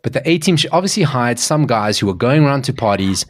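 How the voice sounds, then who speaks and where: A man's voice: medium pitch, fast. A man from South Africa co-hosting a casual chat show, telling stories with lots of restarts and asides. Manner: animated, rambling storytelling with restarts. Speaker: podcast co-host.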